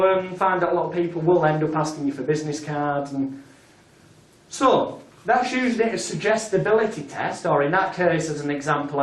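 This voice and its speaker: A man leads a hypnosis workshop in a plain, blunt manner and drops swear words without fuss. His voice sits slightly high. It is picked up from a distance in a roomy, reverberant training space. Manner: casual and blunt, with frequent swearing. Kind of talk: live workshop teaching with demonstration. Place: training room with audience. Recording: echoey room recorded from a distance.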